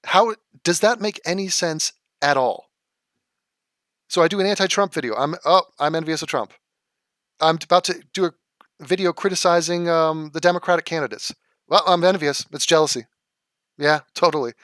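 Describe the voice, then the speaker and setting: A man's voice: fairly high pitch, normal speed, a bit bright, dry recording, studio quality. A man answering viewer comments in a vlog, sarcastic, profane and exasperated.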